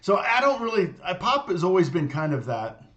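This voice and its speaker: A man's voice: high-pitched, big pitch swings, normal speed, fairly bright tone, dull audio. A middle-aged man, a guitar teacher, chatting casually and rambling, with many fillers, restarts and laughs. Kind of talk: casual livestream chat.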